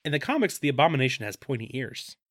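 A man co-hosting a podcast, recapping a movie with dry, deadpan quips in casual chat. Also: mid-range voice, fast, dry recording. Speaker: podcast co-host.

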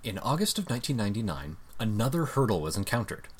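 A man's voice: on the low side, very animated, fast talker, slightly rough. A man co-hosting a podcast, explaining a story step by step in casual chat and often checking in with "right?". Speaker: podcast co-host.

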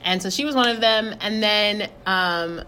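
A woman's voice: medium pitch, unhurried, background noise. A woman hosting a casual podcast chat, giggling often and stumbling over her words. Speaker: podcast host.

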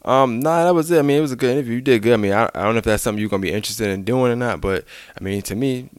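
A man's voice: mid-range voice, racing, clear, resonant tone, dry recording. A man hosting a podcast, talking in a laid-back, casual way with loose slang. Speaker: podcast host. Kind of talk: casual chat.

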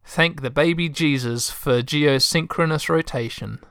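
A man's voice: fairly high pitch, measured pace, a bit bright, clean tone, dry recording, studio quality. A man voicing a chirpy middle-aged woman with a put-on Texan accent, speaking in a sweet, sugary drawl. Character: chirpy Texan woman office boss, syrupy.

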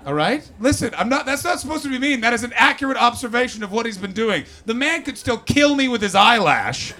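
A man performing a stand-up comedy set on stage before a live audience, profane and animated, teasing the crowd. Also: very high voice, a little fast.

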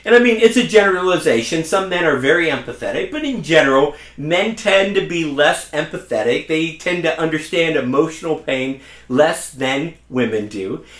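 A young man delivers a sermon in an earnest, conversational way, weaving in personal stories. His voice sits a little high. The sound is roomy and echoey, like a church hall. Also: lively intonation, moderate pace, few pauses, a bit bright. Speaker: pastor. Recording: echoey room.

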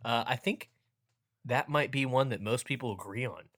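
A man's voice: mid-range voice, normal speed, fairly bright tone. A young man hosting a casual sports podcast, joking around and playing up a mock ad read. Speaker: podcast host.

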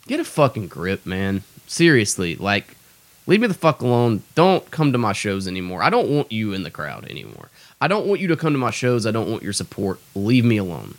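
A man's voice: on the low side, very animated, brisk, no echo. A young man hosting a podcast, a stand-up comic ranting in a profane, exasperated, self-deprecating way. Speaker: stand-up comedian and podcast host. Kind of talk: ranting casual monologue.

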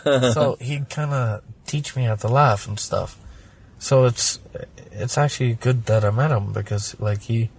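A man's voice: mid-range voice, unhurried, vocal fry, husky. A man originally from Germany, talking casually as a podcast guest, rambling and swearing through a personal story.

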